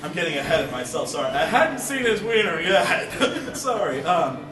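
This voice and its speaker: A man's voice: on the high side, big pitch swings, normal speed. A young man telling a long stand-up story at an open mic, rambling with many fillers and laughing at his own jokes. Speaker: stand-up comic. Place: coffee shop open mic. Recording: roomy, from far off, music behind.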